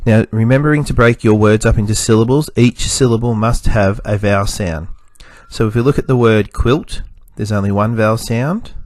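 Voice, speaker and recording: A male teacher gives a recorded spelling lesson, slowly sounding out letters and syllables. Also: on the low side, a little mellow, no room sound, studio quality.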